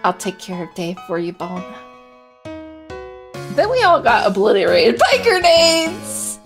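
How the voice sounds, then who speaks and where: A woman's voice: medium pitch, wildly swooping pitch, a little slow. A woman livestreamer chatting casually, giggly, with lots of filler words. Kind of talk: casual live-stream chatter. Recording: clear background music.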